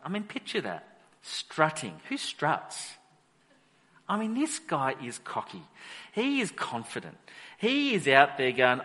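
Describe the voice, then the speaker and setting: A pastor preaching a sermon, telling the story with animated energy and acting out the characters. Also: male voice, a little high, slow, big-room sound. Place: church hall.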